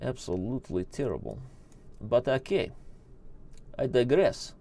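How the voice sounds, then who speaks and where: A man's voice: mid-range voice, animated, unhurried, vocal fry, dark tone. A man putting on a thick, stilted accent. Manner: broken, stilted English. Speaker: online chess streamer.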